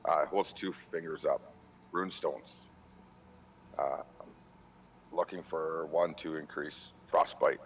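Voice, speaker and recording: A man describing his character's actions at a tabletop game, hesitant with many pauses, on a slightly muffled recording. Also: very deep voice, recorded from a distance, slight background noise. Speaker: player. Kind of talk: casual tabletop play.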